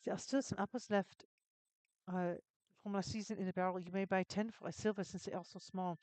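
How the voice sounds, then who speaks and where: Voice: medium pitch, fairly even intonation, darkish tone, dry recording, natural voice, poor audio. A streamer putting on Hildy, an earnest farm girl with a wandering accent. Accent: vague put-on foreign accent. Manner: earnest, simple, slightly halting. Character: young farmer's daughter, cheerful and earnest.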